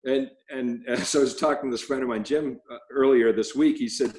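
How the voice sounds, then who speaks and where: A man, a cymbal company president, guest on an interview show, telling animated stories with laughter. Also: medium pitch, brisk, hardly any pauses, roomy sound, poor audio. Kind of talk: storytelling in casual interview.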